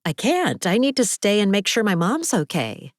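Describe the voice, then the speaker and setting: A woman's voice: medium pitch, very animated, normal speed, no echo, studio quality, pitched above the performer's own voice, close to an everyday voice. A woman reading an audiobook, voicing a worried young adult daughter who pleads earnestly but stands firm.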